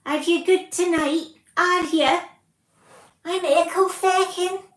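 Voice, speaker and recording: A woman putting on a deliberately bad, exaggerated Scottish accent as a cheery greeter. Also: fairly even intonation, fairly bright tone, full character voice. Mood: hammy. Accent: put-on Scottish. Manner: shrill, exaggerated, drawn out. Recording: echoey room, voice far from mic.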